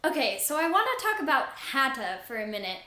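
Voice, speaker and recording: A woman's voice: high voice, a little fast, echoey room. Bubbly young woman gushing about a book. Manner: gushing, excitable, says "like" often. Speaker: book reviewer. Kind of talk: casual book review vlog.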